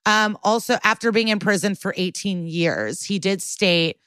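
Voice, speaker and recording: A woman's voice: medium pitch, normal speed, fairly bright tone, clear, resonant tone, dry recording. A woman co-hosts a podcast in an easy, blunt way, peppering her talk with ums and likes. Her voice sits in a middling register. The sound is dry and close, with no room around it. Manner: chatty, blunt, peppered with fillers. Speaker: podcast co-host. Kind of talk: casual chat.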